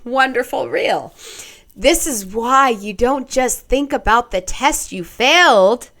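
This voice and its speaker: A young woman hosts a casual solo podcast, talking slowly and expressively in a fairly high, slightly bright voice. She is blunt, swears freely, and acts out inner voices in her monologue.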